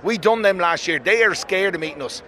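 A quick, emphatic middle-aged man with a Dublin Irish accent, speaking in a slightly raised voice. He is a rugby fan being interviewed outdoors on a busy city street, and his talk comes in rapid bursts. Traffic and street sounds are heard behind him. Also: sits high. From Ireland. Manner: excited, emphatic, quick-talking. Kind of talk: street vox-pop interview.

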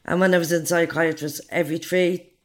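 A woman in her forties with an Irish accent tells her own life story in an interview, her lowish voice brisk and fairly even in intonation. She's blunt, swears freely, and acts out other people's lines.

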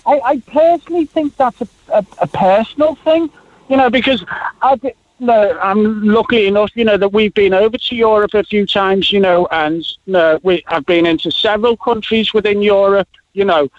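A man's voice: sits high, moderate pace, no room sound, muffled recording. A man, calling in to a radio show and chatting casually, rambling with lots of fillers and restarts. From Liverpool. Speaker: caller. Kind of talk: casual radio phone-in chat.

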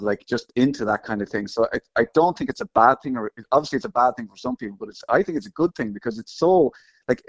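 A man chats fast and loosely as a guest on a radio book club. He strings thoughts together with fillers. The studio sound is dry and close. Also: mid-range voice, no echo, dull audio. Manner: rapid, rambling, lots of fillers. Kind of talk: casual radio chat.

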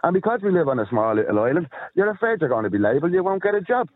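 A man's voice: a little high, sing-song, rapid-fire, no echo. An Irish man speaking as a guest on a heated talk-show panel, impassioned and indignant as he argues his point. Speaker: guest commentator. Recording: phone-line call-in audio.

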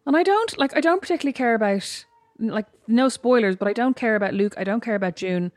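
A fast-talking Irish woman in her thirties co-hosts a podcast, teasing her partner with wry quips. Her words tumble out quickly. The sound is close and dry. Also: fairly high pitch, expressive, no echo. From Ireland. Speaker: podcast co-host. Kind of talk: casual chat.

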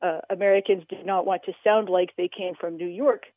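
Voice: mid-range voice, fairly even intonation, fairly quick, no room sound. Guest explaining on a tinny phone line. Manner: explanatory, many filler sounds. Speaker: interview guest, author. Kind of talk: radio interview explaining language history. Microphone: telephone.

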